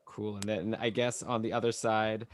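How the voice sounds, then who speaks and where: A man's voice: fairly low pitch, flat delivery, normal speed, slight background noise. A man hosting a podcast in a casual chat, asking questions and teasing his guest. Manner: inquisitive, teasing. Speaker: podcast host.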